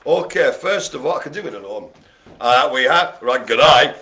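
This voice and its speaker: A man's voice: medium pitch, lively intonation, normal speed, bright, forceful tone. A man hosting a live bingo game, cracking puns, laughing often and rambling in chatty asides. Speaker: bingo host. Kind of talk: live-streamed bingo calling.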